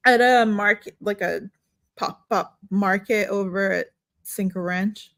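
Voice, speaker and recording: A woman co-hosts a casual podcast chat in a relaxed, easygoing way. She speaks at a middle pitch and trails off with fillers now and then. Her voice is recorded close and dry, with no room sound. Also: slow pace, no room sound. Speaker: podcast co-host.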